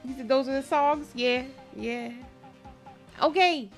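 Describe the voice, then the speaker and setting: A woman's voice: sits high, unhurried, faint music behind. A woman streamer giving casual commentary over a game, chatty and exclaiming as she talks to her chat. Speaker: gaming streamer.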